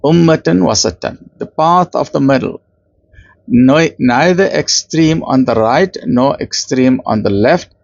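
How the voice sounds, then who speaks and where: A man's voice: mid-range voice, measured pace, vocal fry, a little mellow, no room sound, lo-fi sound. A man with a South African accent giving a conversational religious talk, slipping in Arabic terms and acting out the voices he quotes. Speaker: Islamic lecturer.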